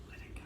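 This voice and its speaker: In an echoey bedroom, a male vlogger rants casually to his audience, swearing freely and rambling with plenty of fillers.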